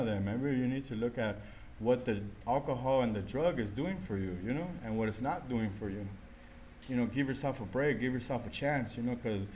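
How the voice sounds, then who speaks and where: A man's voice: mid-range voice, a little mellow, a little hiss or hum. Profane, rambling man sharing at a meeting. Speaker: alumni meeting speaker. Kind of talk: recovery share. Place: recovery meeting.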